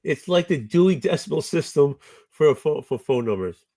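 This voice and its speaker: A middle-aged man chatting casually who explains things at a patient, halting pace, often restarting his sentences. His voice sits slightly high. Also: expressive, dark tone, no echo, studio quality. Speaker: podcast host. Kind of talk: casual chat.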